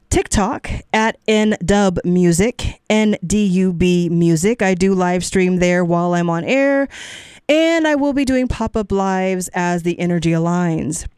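A woman's voice: lowish voice, a little slow, a little mellow, smooth, no echo, clean studio sound. A middle-aged woman hosting a radio music show, talking casually between songs in a chatty, encouraging way that sometimes wanders off track. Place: radio studio. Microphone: studio microphone.

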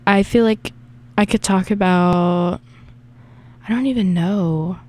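This young Southern woman speaks slowly in a lowish, darkish voice with a Southern accent. Working as a radio DJ, she chats casually and rambles between songs in a self-deprecating way.

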